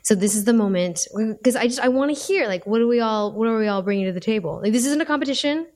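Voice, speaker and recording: A woman's voice: on the high side, lively intonation, fast, a little mellow. A woman hosting a podcast in casual chat, giggly and chatty, often trailing off mid-sentence. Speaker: podcast host.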